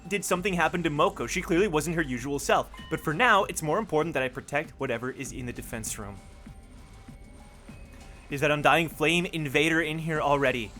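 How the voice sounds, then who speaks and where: A streamer giving let's play commentary with jumpy, excitable reactions while reading a story game aloud. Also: mid-range voice, fairly quick, soft background music.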